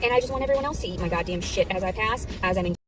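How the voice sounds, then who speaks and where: Furious ranting woman, fast talker. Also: mid-range voice, over music. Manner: ranting, furious, heavily profane. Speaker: vlogger in clips. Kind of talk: angry monologue to camera.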